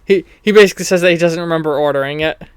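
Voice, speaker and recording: A man's voice: on the high side, very fast, clear, resonant tone, no echo, clean studio sound. A man narrating as game master of a tabletop game, chatty and loose, laughing at his own jokes.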